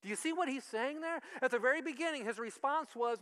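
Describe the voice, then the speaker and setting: A male pastor giving a conversational sermon, lively and acting out the voices he quotes. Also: very high-pitched, a little fast, few pauses, smooth. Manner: animated, acts out quoted voices.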